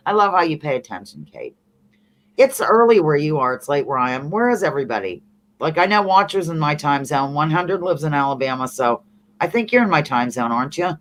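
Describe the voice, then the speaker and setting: A woman from the eastern US hosting a casual livestream, reading chat comments aloud in an animated, laughing way. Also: low-pitched, fairly quick. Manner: animated, laughing, reads comments in playful voices. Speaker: livestream host.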